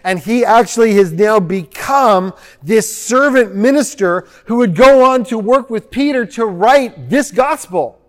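High-voiced pastor in a reverberant hall. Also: male voice. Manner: conversational and joking, reads quotes aloud. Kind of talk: sermon.

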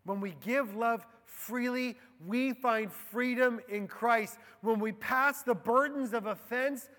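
Slow-preaching man in a reverberant hall. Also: extremely high pitch. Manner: slow and deliberate, dropping soft on key phrases. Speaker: pastor. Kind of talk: sermon. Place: church.

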